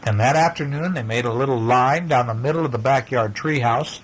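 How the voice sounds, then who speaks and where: A hoarse father reading a bedtime story to his children, gentle and chatty, stopping to talk about the pictures. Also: medium pitch, fairly quick, a little hiss or hum, rough recording.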